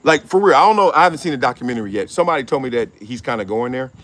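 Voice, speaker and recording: A man's voice: mid-range voice, expressive, very fast, a bit bright. A middle-aged man hosting his own show, riffing in slangy casual commentary, laughing often and acting out quotes. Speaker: show host.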